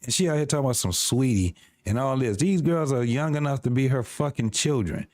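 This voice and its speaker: A man's voice: medium pitch, lively intonation, a little fast, darkish tone, no room sound, clean studio sound. A man hosting a podcast, reacting to video clips with exasperated, profane ranting.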